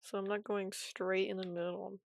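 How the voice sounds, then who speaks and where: A woman streaming animation from home, giving casual commentary while she draws, in a soft, quiet, half-whispered way. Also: medium pitch, little pitch movement, normal speed, creaky, no room sound.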